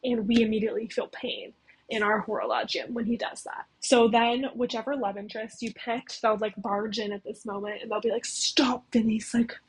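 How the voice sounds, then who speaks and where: Chatty, breathy young woman. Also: fairly high pitch, flat delivery, brisk, poor audio. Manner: chatty, leans heavily on "like" and "okay?". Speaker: video creator recapping a game story. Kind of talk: casual storytelling recap. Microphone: cheap mic.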